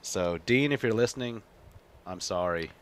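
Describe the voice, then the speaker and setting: A man in casual comedic chat on a web show, talking in a dry, deadpan way. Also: lowish voice, normal speed.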